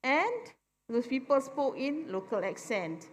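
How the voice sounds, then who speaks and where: A woman's voice: sits high, very animated. A middle-aged woman with a Malaysian English accent gives a public talk to an audience, often asking "right?" to check that they follow. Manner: keeps asking "right?" for agreement, explains slowly and plainly. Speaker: forum speaker. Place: convention centre hall. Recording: long hall reverb from a convention centre.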